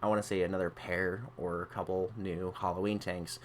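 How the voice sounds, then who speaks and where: Young dude hosting a gaming chat, lowish voice, rambly and laid back. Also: male voice, little pitch movement, fairly quick, a little hiss or hum. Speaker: podcast host.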